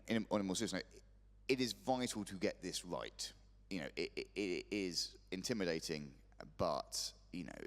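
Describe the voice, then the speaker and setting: A man moderating a conference panel, rambling through joking asides between questions. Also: deep voice. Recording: reverberant conference hall.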